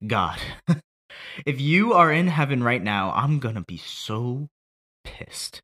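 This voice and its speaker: A man reading a script aloud as a grown son grieving at his dead father's grave, moving from shouting to broken quiet. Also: medium pitch, big pitch swings, slow, voice pushed up, exaggerated voice. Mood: raging. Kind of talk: script read aloud as a monologue.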